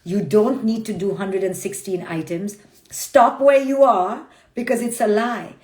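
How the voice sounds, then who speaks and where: A woman psychologist giving a brisk, blunt motivational talk on a phone livestream, acting out people's inner voices as she goes. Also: medium pitch, darkish tone. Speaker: clinical psychologist and author. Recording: roomy echo.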